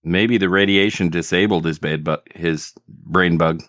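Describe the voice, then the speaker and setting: Wry deep-voiced man. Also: fairly even intonation, a little slow, fairly bright tone, no room sound, studio quality. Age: 40s. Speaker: player. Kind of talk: tabletop role-play.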